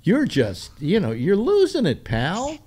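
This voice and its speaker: A man hosting a casual political talk show, rambling with many halting restarts. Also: high-pitched, wildly swooping pitch, darkish tone, breathy edge.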